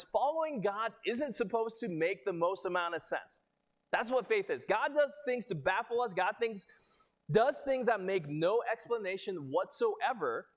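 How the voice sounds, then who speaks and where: High-voiced man preaching casually. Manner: conversational preaching, rising pitch on quoted lines. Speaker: pastor. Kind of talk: sermon with scripture reading.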